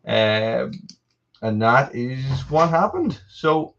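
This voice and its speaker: A man's voice: mid-range voice, lively intonation, extremely slow, vocal fry, fairly bright tone, slight background noise. An Irish man in middle age chats loosely on a live stream at home, cutting himself off and saying hello to viewers. He sounds a little out of breath. The audio comes through dull and muffled. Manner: rambling, self-interrupting, greeting viewers. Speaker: livestream host. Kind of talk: casual live chat. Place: family home.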